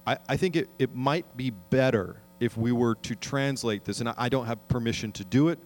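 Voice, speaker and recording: A male pastor preaches in an earnest, conversational voice of middle pitch. He often turns to the congregation with questions. He slows down to read scripture aloud. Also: a little mellow, faint music behind. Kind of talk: sermon.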